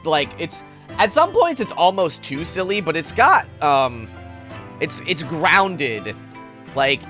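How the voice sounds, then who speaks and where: Playful rambling male streamer. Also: medium pitch. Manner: playful and giggly, rambling asides. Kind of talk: casual gaming commentary.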